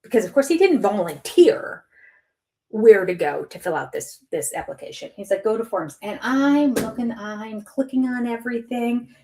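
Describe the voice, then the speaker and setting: An older woman vlogging, chatty and animated, acting out both sides of phone calls with laughs and dropping to a near-whisper at times. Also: a little high, moderate pace, a little hiss or hum. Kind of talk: casual storytelling vlog.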